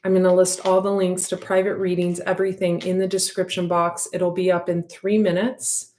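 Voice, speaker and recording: A woman's voice: fairly low pitch, level tone, moderate pace, darkish tone, echoey room, slight background noise. A woman giving an intuitive tarot reading to her viewers, talking in a heartfelt, rambling way with many fillers. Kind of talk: casual spoken intuitive reading.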